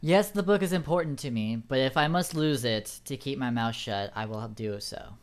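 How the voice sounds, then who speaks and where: A man voicing a bored, emotionless male gnome with a flat monotone delivery in a tabletop game. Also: medium pitch, normal speed, lightly acted.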